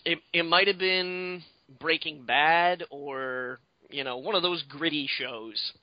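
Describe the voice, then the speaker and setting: A man's voice: on the high side, takes it slowly, dry recording, highs cut off. A man co-hosting a podcast in casual chat, rambling and swearing freely with lots of fillers. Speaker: podcast co-host.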